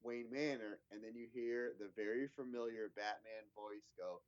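A man's voice: fairly low pitch, steady tone, normal speed, highs cut off. A man in casual chat, recapping a TV episode in a rambling way with lots of fillers and restarts.

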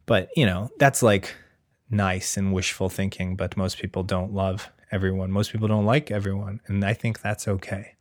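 A man in his thirties talks in a loose, rambling comic monologue, riffing on his own nerves about becoming a father. His voice sits on the low side and is recorded close and dry, with no room sound. He keeps slipping into quick put-on quotes and puns. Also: flat delivery, no room sound. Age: 30s. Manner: rambling, self-deprecating, wordplay and put-on quotes. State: nervous expectant father. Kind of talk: casual comedic monologue.

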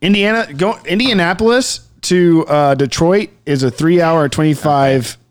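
A man's voice: on the high side, a little slow. A young man in casual, profane banter, rambling about geography and laughing often. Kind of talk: casual chat.

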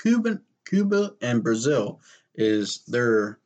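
A man's voice: mid-range voice, big pitch swings, slow pace, a little mellow, highs cut off. A man with the hiccups chatting casually about fights, breaking off to excuse himself. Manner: apologetic, keeps interrupting himself.

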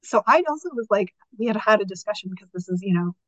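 A woman co-hosting a casual chat about a movie, telling it in a lively way and acting out lines. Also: mid-range voice, quick pace, dry recording, muffled recording. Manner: animated storyteller, acts out quotes. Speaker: podcast co-host.

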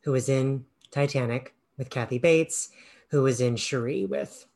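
Guy on a video call cohosting a podcast, mutters to himself while he thinks, medium pitch. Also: measured pace, creaky, darkish tone. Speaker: podcast co-host. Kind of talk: casual chat.

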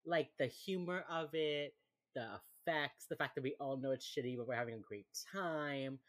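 A woman's voice: extremely low pitch, moderate pace. A woman co-hosting a casual podcast, recapping a TV episode and acting out characters' lines. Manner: animated, acts out quotes. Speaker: podcast co-host.

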